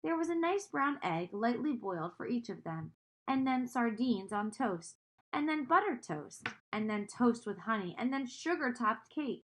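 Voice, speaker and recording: A woman with a fairly high voice reads a children's book aloud. She stops now and then to gently explain a word or ask her young listeners a question. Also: animated, moderate pace. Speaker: storyteller reading to children. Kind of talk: reading a storybook aloud with asides.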